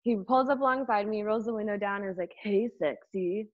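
Young woman guest, casual animated storyteller; dry, slightly lo-fi recording. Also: medium pitch, quick pace, dry recording. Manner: animated, lots of fillers, acts out voices in anecdotes. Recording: dull, slightly lo-fi dry sound.

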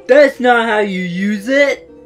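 A woman doing let's play commentary on a video game, excitable and giggly, often reading game lines aloud. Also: on the high side, takes it slowly, faint music behind. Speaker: gaming video host.

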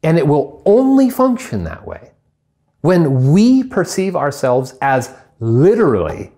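Animated man preaching a sermon. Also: on the high side, takes it slowly. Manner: animated preaching, acts out comic voices. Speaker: pastor.

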